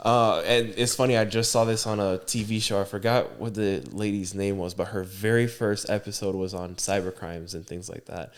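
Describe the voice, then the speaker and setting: Lower-voiced man rambling as a guest. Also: fairly even intonation, normal speed, hardly any pauses. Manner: rambling, filler-heavy storyteller. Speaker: podcast guest. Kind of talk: casual chat.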